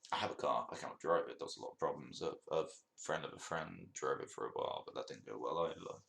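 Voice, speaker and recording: A man's voice: very deep voice, fast talker, creaky, a bit bright. A young man hosting his own podcast, telling a long rambling story in a casual monologue, swearing and laughing at his own jokes. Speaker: podcast host.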